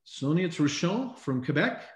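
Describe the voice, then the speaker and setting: A man co-hosting a live online recognition event, reading out names in an upbeat way and often clearing his throat, speaking over a video call. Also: fairly high pitch, very animated, a little slow. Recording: echoey room on a video call.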